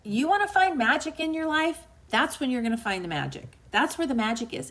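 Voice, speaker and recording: This book club livestream host, a woman author, has a high, sing-song voice and a brisk pace. She gives viewers an emotional, earnest pep talk that sometimes drops quiet and soft, chatting as she reads their comments.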